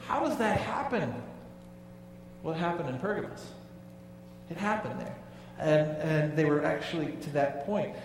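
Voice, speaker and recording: A man's voice: on the high side, animated, moderate pace, background noise. A male pastor preaching a sermon, emphatic and conversational, often asking the congregation questions. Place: church sanctuary. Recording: echoey hall, voice from far off.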